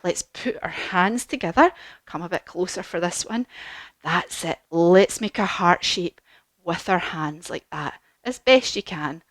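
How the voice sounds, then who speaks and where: A woman teaching a children's yoga class as a story, lively, encouraging and sing-song. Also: fairly low pitch, unhurried, no echo.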